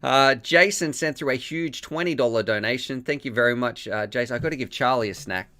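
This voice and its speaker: A man hosts a live stream in a casual, rambling way. He keeps thanking viewers and laughs often while reading their messages. His voice sits at a middle pitch. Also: brisk, sharp tone.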